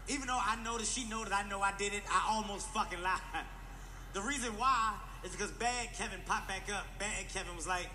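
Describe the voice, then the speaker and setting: A man doing animated, profane stand-up comedy storytelling and acting out the voices in his stories. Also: sits high, brisk, a little hiss or hum.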